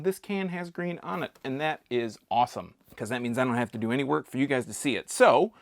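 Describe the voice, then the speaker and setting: Chatty man with a gravelly voice. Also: mid-range voice, no echo, studio quality. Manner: chatty, jokey, rambling with restarts. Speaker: beer reviewer. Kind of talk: casual beer tasting vlog.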